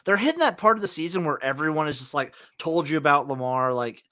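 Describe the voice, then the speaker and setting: A man's voice: a little high, expressive, fast, sharp tone. A young man hosting a podcast, talking football in a blunt, profane, exasperated way. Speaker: podcast host. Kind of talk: casual sports chat.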